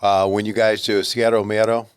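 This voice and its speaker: A man hosting a podcast, chatting casually with his guest and paying him compliments with some halting restarts. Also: lowish voice, little pitch movement, clean tone. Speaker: podcast host. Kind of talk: casual interview chat.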